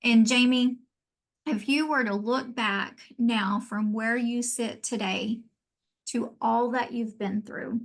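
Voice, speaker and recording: Slow-speaking gravelly woman host. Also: medium pitch. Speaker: podcast host. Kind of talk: interview questions.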